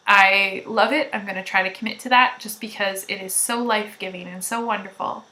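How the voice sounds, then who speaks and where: A loud, chatty woman, rambling happily to her viewers as a knitting podcast host. Her voice rings bright and sits a little higher than most women's. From Canada. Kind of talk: casual chat to viewers.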